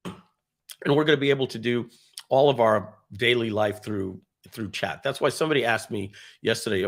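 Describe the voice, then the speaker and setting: A man's voice: mid-range voice, moderate pace, gravelly. A man presenting a casual live stream, rambling and enthusiastic, with many fillers and restarts as he acts out quoted dialogue.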